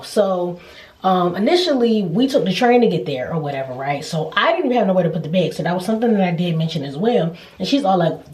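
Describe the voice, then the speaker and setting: A young adult woman vlogger telling a lively, slangy story-time rant to her viewers. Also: lowish voice, brisk, recorded from a distance. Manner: animated, slangy, addresses viewers as y'all. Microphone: phone. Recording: echoey room with faint noise.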